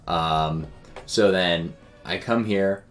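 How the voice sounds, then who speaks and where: A man's voice: deep voice, extremely slow, fairly bright tone, soft background music. A young man streaming games and telling a story in a rambling, filler-heavy, self-deprecating way. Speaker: game streamer. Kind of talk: casual storytelling while streaming.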